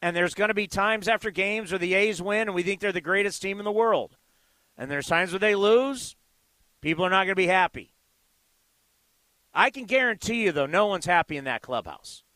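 A man with a high, bright, forceful voice hosts a postgame call-in show on the radio. He speaks emphatically and keeps circling back to his key points. The sound is dry and close, with no room around it. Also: animated, moderate pace, dry recording, rough recording. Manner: emphatic, repetitive, promotional. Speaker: radio sports talk show host.

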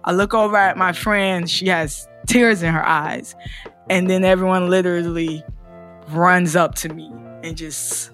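A woman poet, interviewed about her own story, speaks a little slowly in a creaky, mid-range voice. She's emotional and acts out what others said in lively voices. Faint music sits behind her.

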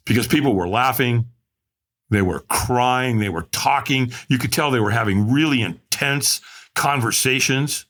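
A man's voice: measured pace, fairly bright tone. A man telling his story as a podcast guest, acting out quotes with big dramatic swings. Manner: dramatic, acts out quotes with big pitch jumps. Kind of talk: animated storytelling.

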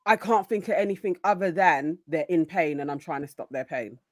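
A mother of boys in a casual chat, reasoning things through out loud in a thoughtful way. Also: fairly low pitch, brisk, dry recording.

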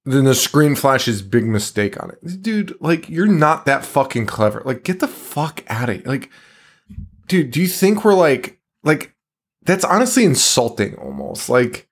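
A man's voice: mid-range voice, big pitch swings, measured pace, breathy edge. Profane ranting podcast man. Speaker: podcast co-host. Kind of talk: casual movie recap chat.

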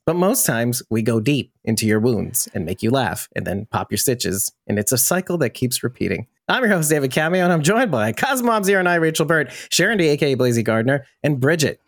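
A man's voice: mid-range voice, sing-song, fairly quick, few pauses, dry recording. A male podcast host chats casually in a jokey, self-deprecating way. He rambles from one aside to the next. His voice sits in the middle of the male range and is recorded dry, with no room sound.

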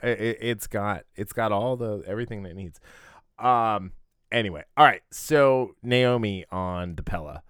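A man's voice: lowish voice, normal speed, a bit bright, clear, resonant tone, no echo, clean studio sound. A man co-hosting a podcast, recapping an episode in loose casual chat full of restarts and fillers. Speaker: podcast co-host.

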